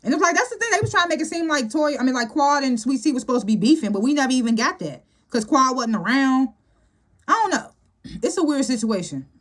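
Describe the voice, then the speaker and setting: Woman w a slightly high voice doing a chatty tv recap, laughs a lot. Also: fast talker. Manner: chatty and animated, laughs often, acts out quotes. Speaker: TV show reviewer. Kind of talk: casual episode recap monologue.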